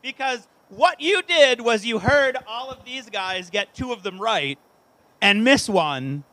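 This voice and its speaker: A man's voice: high-pitched, slow, no room sound, low-quality recording. A man co-hosting a live podcast in front of an audience, playfully running a trivia quiz. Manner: playful, animated quizmaster. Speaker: podcast co-host.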